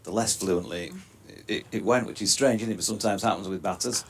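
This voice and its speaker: A man giving relaxed, chatty live cricket commentary with dry quips. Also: lowish voice, fairly quick.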